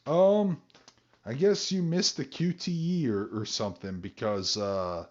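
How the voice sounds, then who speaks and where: A man chatting casually on a podcast, retelling things with lively swings and fillers. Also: mid-range voice, measured pace, dull audio. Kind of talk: casual chat.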